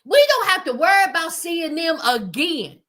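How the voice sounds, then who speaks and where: A sassy woman talks straight to her viewers, calling them honey as she reacts to a reality show. Her voice sits high and bright, swinging up and down with lively energy. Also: moderate pace. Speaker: reality TV commentator. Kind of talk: reaction commentary.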